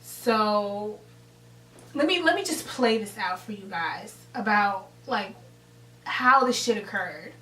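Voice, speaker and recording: A young woman vlogger telling a story in a casual, animated way, swearing freely and acting out the scene. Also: mid-range voice, takes it slowly, echoey room, recorded from a distance, background noise. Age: young adult.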